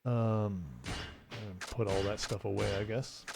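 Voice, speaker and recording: A man's voice: lowish voice, level tone, slow, vocal fry, background noise. Playful man chatting on a game stream. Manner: playful, rambling, talks to his cat between gameplay remarks. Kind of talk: live game stream chat. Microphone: desk microphone.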